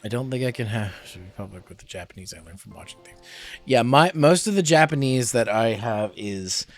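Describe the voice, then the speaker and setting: A man's voice: mid-range voice, expressive, brisk, soft background music. A young adult man streaming a game, chatting casually and rambling with many fillers.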